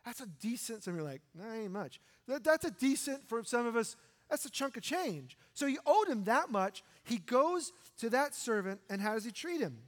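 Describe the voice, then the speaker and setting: High-voiced man preaching a sermon. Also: moderate pace. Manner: animated, acts out the parable's voices. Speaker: pastor. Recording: long hall reverb.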